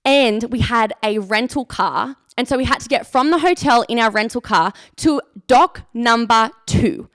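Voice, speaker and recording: A woman's voice: on the high side, moderate pace, few pauses, a bit bright, no room sound, clean studio sound. Chatty young woman telling a story. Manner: chatty, self-mocking, lots of "like". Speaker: youth leader. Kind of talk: casual storytelling on a live stream.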